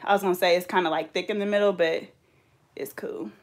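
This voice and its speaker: A young woman, chatting casually and telling animated, sassy stories while she braids hair. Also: lowish voice, fast talker. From California. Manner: animated, laughing storyteller with playful sass.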